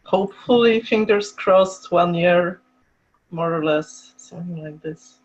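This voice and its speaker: Slow hesitant Polish woman on a video call. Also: on the low side. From Poland. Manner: hesitant, many "uh" fillers and restarts. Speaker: PhD student. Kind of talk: casual self-introduction on a video call. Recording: dull lo-fi video call audio.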